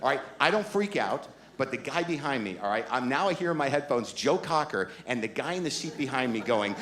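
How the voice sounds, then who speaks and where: A man's voice: mid-range voice, expressive, a little fast, hardly any pauses, over a noisy crowd. A middle-aged man performing stand-up comedy, telling a story in a rambling, anxious and emphatic way. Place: comedy stage.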